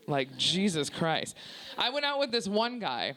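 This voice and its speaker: A young Canadian woman with a Canadian accent doing a stand-up set in a small comedy club. She is loud and brash, swears freely and teases the crowd. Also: lowish voice, big pitch swings, unhurried. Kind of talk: stand-up set at a work-in-progress preview. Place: small comedy club before a live audience.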